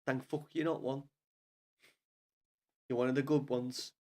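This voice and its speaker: A man's voice: mid-range voice, level tone, unhurried, darkish tone. A man with a Scouse accent giving sweary, frustrated live commentary to viewers as he watches a football match from a small home studio. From Liverpool, England.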